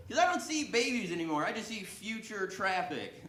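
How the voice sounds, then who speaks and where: A male stand-up comic works the crowd with a self-deprecating, chatty delivery. His voice is on the higher side and swings widely in pitch. The room is echoey, with faint club noise behind him. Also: very animated, unhurried, a bit bright. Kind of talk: stand-up comedy set. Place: comedy club stage.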